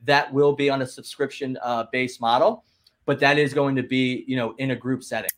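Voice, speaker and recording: A man speaking as a business coach guest, giving an energetic motivational talk, emphatic and rallying, often cutting in with "listen" and "guess what.". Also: medium pitch, moderate pace.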